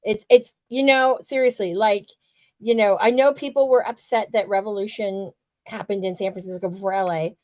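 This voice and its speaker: A woman's voice: medium pitch, fairly even intonation, moderate pace, darkish tone, dry recording. A woman from the US West Coast co-hosting a casual wrestling podcast, emphatic, profane and fired-up. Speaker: podcast co-host.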